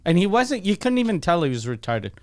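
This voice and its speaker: A man's voice: high voice, sing-song, fairly quick, a little mellow, dry recording. A man co-hosting a comedy podcast, chiming in with crude jokes and blunt questions. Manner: crude, joking interjections. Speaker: podcast co-host. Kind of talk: casual comedic banter.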